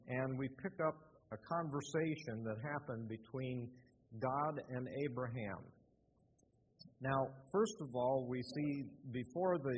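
An older man preaching in a church, halting with many fillers and restarts. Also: mid-range voice, a little hiss or hum. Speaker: lay preacher. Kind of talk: sermon. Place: church sanctuary. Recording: muffled, with a long hall echo.

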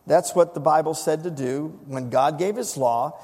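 A man preaching a sermon, building to dramatic shouts when he quotes scripture. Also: a little high, moderate pace, husky. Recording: long reverb of a church hall.

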